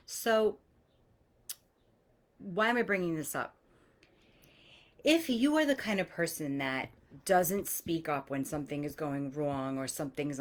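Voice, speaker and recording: Low-voiced, blunt woman telling a story. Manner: candid, blunt, swears freely; lively, animates quoted voices. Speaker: spiritual coach. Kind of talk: casual storytelling monologue.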